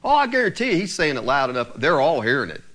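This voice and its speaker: Animated male preacher, lively pitch. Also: quick pace. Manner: animated, emphatic, addresses congregation directly. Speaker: pastor. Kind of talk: sermon.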